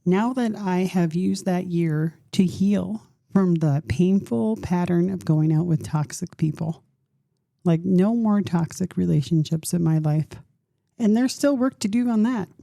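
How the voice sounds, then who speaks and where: A woman in her fifties hosts a solo podcast in a low, gravelly, mellow voice, recorded dry and close. She talks in an earnest, open way, thinking aloud and encouraging her listeners straight to them. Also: a little slow, no echo. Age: 50s. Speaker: podcast host. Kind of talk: reflective solo podcast talk.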